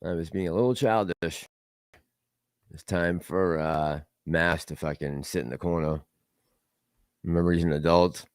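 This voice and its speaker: A man's voice: low voice, steady tone, unhurried, pauses often, clean tone, no echo, clean studio sound. A man hosting a casual livestream, rambling and laughing as he reads out and answers chat messages. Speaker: livestream host reading chat.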